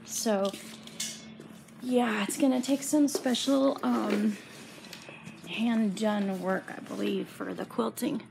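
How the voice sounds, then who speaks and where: Gravelly-voiced woman in her fifties, gushing. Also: mid-range voice, steady tone, slow pace, pauses often, darkish tone, slight background noise. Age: 50s. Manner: gushing, emotional, on the verge of tears. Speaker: quilting vlogger. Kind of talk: casual show-and-tell chat.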